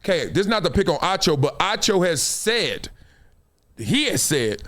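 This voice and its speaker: A middle-aged man hosting a casual sports talk show, slangy and animated, acting out quick voices as he riffs. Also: high-pitched. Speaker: show host. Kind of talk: casual commentary livestream.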